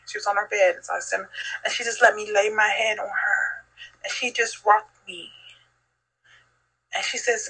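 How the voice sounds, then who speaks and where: A woman's voice: mid-range voice, steady tone, moderate pace, long pauses, pushed and bright, breathy edge, poor audio. A middle-aged woman telling a heartfelt, reflective story in a casual chat as a podcast guest. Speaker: podcast guest, host's mother.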